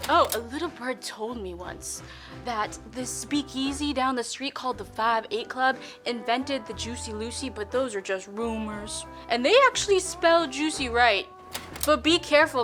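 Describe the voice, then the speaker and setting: A woman's voice: on the high side, unhurried, a bit bright, soft background music. A woman putting on a chipper 1950s Minnesota housewife with an old-fashioned Minnesota accent, sweet and folksy, demonstrating a recipe in character. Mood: folksy, coy. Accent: put-on old-fashioned Minnesota. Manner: sweet, prim, folksy, with coy innuendo. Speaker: cooking show presenter in character. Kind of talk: comic character cooking demo.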